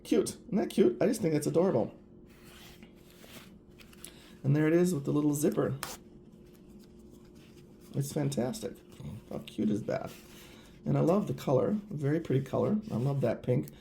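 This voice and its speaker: A man's voice: fairly high pitch, expressive, moderate pace, creaky, pauses often, mellow, a little hiss or hum. A man chatting casually and enthusiastically to viewers while reviewing products. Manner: gushing, chatty, addresses viewers directly. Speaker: nail polish reviewer.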